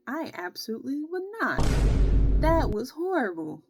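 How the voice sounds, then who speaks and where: A woman's voice: a little high, normal speed, lo-fi sound, noisy background. Exasperated young woman vlogging. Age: young adult. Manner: animated, exasperated, slangy. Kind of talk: casual storytelling.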